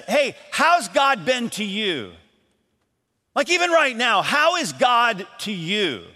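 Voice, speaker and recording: A man preaching a sermon to a congregation, animated and acting out short exchanges in a raised voice. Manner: animated, acts out little dialogues in a higher voice. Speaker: pastor. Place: large church auditorium. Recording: long hall reverb.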